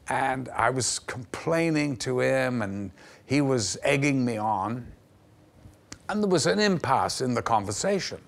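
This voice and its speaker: A man's voice: medium pitch, lively intonation, unhurried, creaky. Older man telling stories with relish. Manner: vivid, acts out the voices in his stories. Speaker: actor guest. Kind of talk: anecdotal storytelling in a TV interview. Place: television studio.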